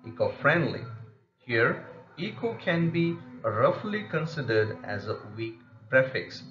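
Slow, deliberate Indian English teacher, man. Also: mid-range voice, fairly bright tone. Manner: measured, deliberate, says each word twice. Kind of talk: slow instructional explanation, repeating each example word. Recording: dull lo-fi voice-over with faint music.

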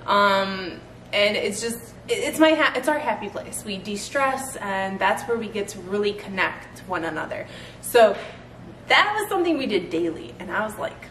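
A woman's voice: a little high, sing-song, moderate pace, a bit bright, recorded from a distance. A woman in her thirties chatting casually in a vlog, laughing often as she talks. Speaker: fitness vlogger. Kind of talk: casual chat. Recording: roomy sound from off-mic, faint noise.

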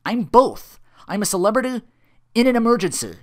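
A man's voice: on the high side, sing-song, a little slow, pushed and bright, voice pushed up, full character voice. A man playing a smug, sarcastic weatherman. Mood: smug, mocking. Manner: dry, mocking quips. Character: sarcastic, weary male TV weatherman.

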